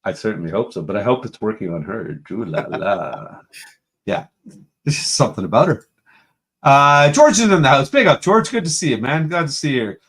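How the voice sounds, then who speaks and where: A man's voice: medium pitch, sing-song, fairly quick, fairly bright tone. A man hosting a casual live-stream show from home, cheerfully greeting chat viewers one after another. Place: home room with a computer.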